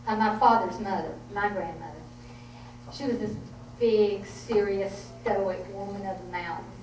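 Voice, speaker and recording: Middle-aged Southern woman, author at a podium, folksy humorous storyteller; roomy, distant sound. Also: medium pitch. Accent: Southern American. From Southern United States. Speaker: author giving a talk. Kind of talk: storytelling talk. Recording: echoey room, distant mic, faint noise.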